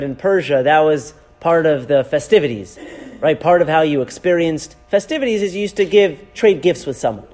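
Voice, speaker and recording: A man teaching a Torah class as a rabbi, animated, asking rhetorical questions and weaving in Hebrew terms. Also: a little high. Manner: animated, asks rhetorical questions, frequent "right?".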